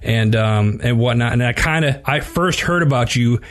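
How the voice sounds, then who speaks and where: A man's voice: mid-range voice, normal speed. A man hosting a podcast, upbeat and chatty, with many ums and uhs as he introduces his guest. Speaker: podcast host.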